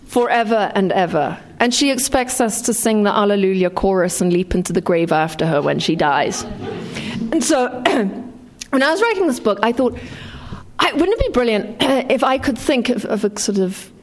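A woman born in England reading her own memoir with dry wit, then talking about writing it. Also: fairly high pitch. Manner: dry, wry storytelling.

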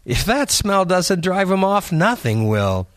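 A man's voice: high voice, very animated, measured pace, no echo, studio quality, voice pushed up. A man voicing a bold, boastful teenage boy in an audiobook story. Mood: cocky.

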